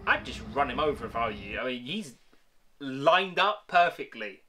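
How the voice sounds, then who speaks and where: A man reacting to a film, excitable and swearing, with film music behind him. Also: mid-range voice, moderate pace. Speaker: movie reactor. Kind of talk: casual reaction commentary. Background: film music playing.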